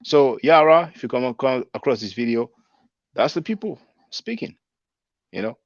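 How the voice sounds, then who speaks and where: Here the same kind of host, a man in his forties, speaks in a mid-range, expressive voice at a moderate pace. He reads viewer comments from live chat and responds conversationally, spelling words out and laughing at them. The recording is dry, with dull audio.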